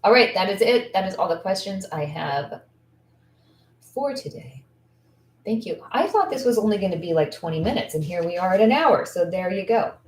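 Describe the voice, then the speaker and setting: A woman's voice: medium pitch, expressive, normal speed. A woman in her thirties, an esthetician coaching others, talking casually and candidly, thinking aloud with lots of fillers. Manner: candid and heartfelt. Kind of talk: casual Q&A talk. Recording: echoey room, distant mic.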